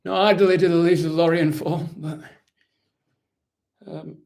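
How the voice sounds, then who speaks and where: A proud, weary warrior-captain, put on by a man answers questions live. His voice sits fairly high. He rambles in a dry, mock-solemn way and keeps justifying himself. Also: steady tone, unhurried, gravelly, a little mellow. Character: proud weary male warrior-captain of a kingdom, self-serving. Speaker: impressionist taking live questions in character. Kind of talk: live-stream in-character Q&A.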